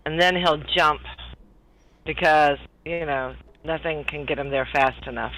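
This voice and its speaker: A man's voice: a little high, fairly even intonation, measured pace, bright, forceful tone, low-quality recording. A man playing a tabletop game, narrating his character's actions in a rambling way, full of fillers. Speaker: player.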